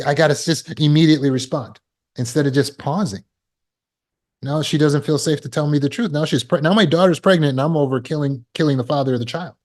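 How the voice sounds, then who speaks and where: Over a video call, a man teaches a trauma recovery class in a slightly high, somewhat mellow voice. He's earnest, acting out brief scenes with bursts of alarm to illustrate his teaching points.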